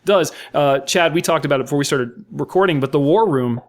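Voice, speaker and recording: A man's voice: on the high side, brisk. An American man, a podcast co-host, talking about a film with enthusiastic, effusive praise and many fillers. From United States. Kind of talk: casual film discussion.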